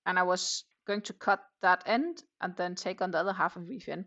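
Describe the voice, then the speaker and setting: A woman with a low, gravelly voice that still has a bright, sharp edge chats casually on a live crochet stream. She rambles from one thought to the next and answers viewers' comments as she works. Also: fairly quick, muffled recording. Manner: chatty, rambling, reads viewer comments aloud. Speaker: crochet livestream host. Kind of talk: casual chat while crocheting.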